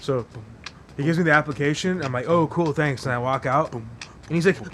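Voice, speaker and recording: A man's voice: a little high, a little fast, fairly bright tone, a little hiss or hum. A young man hosting a podcast, telling crude, profane stories in casual chat. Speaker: podcast host.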